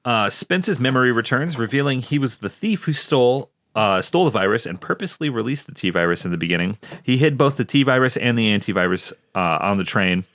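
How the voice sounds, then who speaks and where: A man's voice: medium pitch, animated, brisk, hardly any pauses, a bit bright, dry recording, clean studio sound. A man co-hosting a casual movie podcast, recapping the plot from his notes with wry asides. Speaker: podcast co-host.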